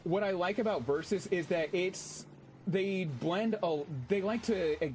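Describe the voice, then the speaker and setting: A man streaming a game, chatting casually with his audience in an excitable, chatty way and swearing freely. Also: sits high, a little slow, a little hiss or hum. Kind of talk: casual gameplay commentary.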